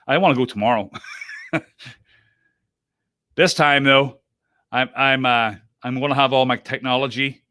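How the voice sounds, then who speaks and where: A man's voice: medium pitch, pushed and bright, dry recording, studio quality. A man hosting a podcast, chatting casually with guests, self-interrupting and laughing often. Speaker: podcast host. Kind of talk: casual group chat.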